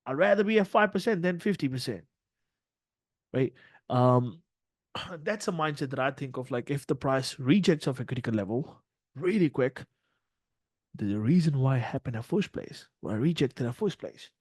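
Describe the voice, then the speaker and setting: A man coaching a livestream audience in casual, swearing talk that swings from murmured asides to loud, animated bursts. His voice sits at an ordinary middle pitch. The sound is dry and close, with no room echo. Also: moderate pace. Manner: blunt and profane, animated, acts out quotes. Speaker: trading mentor.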